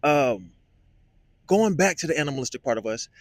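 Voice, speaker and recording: A man vlogging a reflective monologue, musing and halting, often repeating words with many fillers. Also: medium pitch, lively intonation, dry recording.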